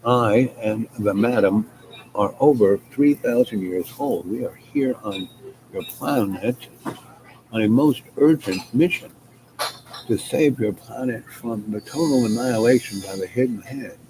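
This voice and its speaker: A man's voice: medium pitch, unhurried, natural voice. A man voicing a mysterious old woman who claims to be thousands of years old, speaking solemnly and grandly, with hiss behind. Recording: noticeable background hiss.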